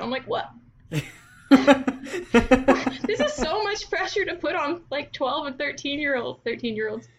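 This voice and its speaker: High-voiced woman ranting animatedly. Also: moderate pace, dull audio. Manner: animated, exasperated ranting with many fillers. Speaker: guest author. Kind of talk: casual podcast chat.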